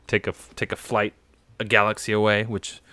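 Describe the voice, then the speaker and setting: A man's voice: fairly low pitch, fairly quick, a little hiss or hum. A man co-hosting a podcast, chatting casually and animatedly about an episode. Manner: animated, acts out scenes in silly voices. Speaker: podcast host. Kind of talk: casual review chat.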